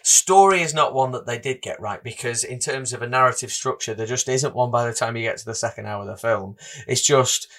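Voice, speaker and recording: A man's voice: mid-range voice, fairly quick, fairly bright tone. Man, podcast co-host, enthusiastic, rambling, casual film review.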